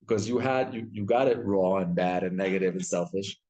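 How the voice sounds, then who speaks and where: Man teaching an animated Torah class. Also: deep voice, fairly quick, poor audio. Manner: animated storytelling, often repeats and restarts words. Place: synagogue study hall.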